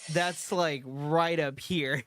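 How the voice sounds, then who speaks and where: A man's voice: a little high, fairly even intonation, extremely slow, fairly bright tone, clean tone, dry recording, clean studio sound. A man chatting casually on a podcast, rambling through a work story with many restarts. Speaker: podcast host. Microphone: streaming studio mic.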